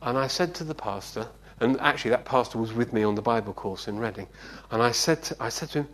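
A man's voice: medium pitch, fast talker, hardly any pauses. A man preaching a conversational sermon. He tells anecdotes and often checks in with his listeners. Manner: animated storyteller, often checking in with "yeah?".

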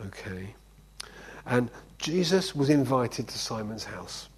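A man's voice: mid-range voice, sing-song, slow, husky, rough recording. A man preaching an informal sermon in a conversational way, often checking in with "okay?". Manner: conversational, keeps asking "okay?".

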